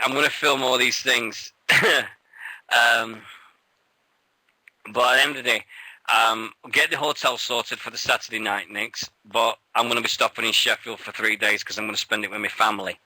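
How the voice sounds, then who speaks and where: A man co-hosting a radio show, rambling and excitable, swearing freely and sounding shaky with nerves. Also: medium pitch, normal speed, dry recording, rough recording. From England. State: nervous, shaky. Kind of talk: casual radio chat.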